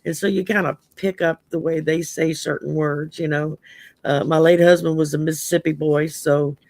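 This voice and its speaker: A woman's voice: sits low, fairly even intonation, normal speed, a little mellow, no echo. A middle-aged woman from the Gulf Coast with a Southern accent, hosting a casual live-stream chat and laughing often. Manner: chatty, laughs often, says y'all. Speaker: host.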